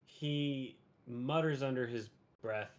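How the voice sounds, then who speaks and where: Chill guy running a tabletop game, slow talker, laughs a lot. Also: mid-range voice. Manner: laid-back, laughs often, slips into gruff character voices. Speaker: game master.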